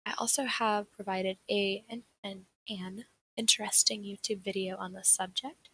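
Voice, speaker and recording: Young Southern American woman, bright and a little husky, casual rambling livestream presenter who laughs often. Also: mid-range voice, steady tone, moderate pace, rough recording. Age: young adult. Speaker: seminar presenter. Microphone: desk mic on a livestream.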